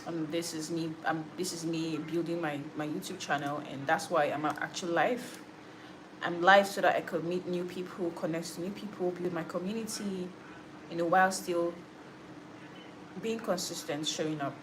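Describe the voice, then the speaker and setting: A woman's voice: on the low side, steady tone, normal speed, noisy background. A young woman hosting a livestream, chatting casually with viewers, laughing often and answering comments. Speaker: livestream host and musician.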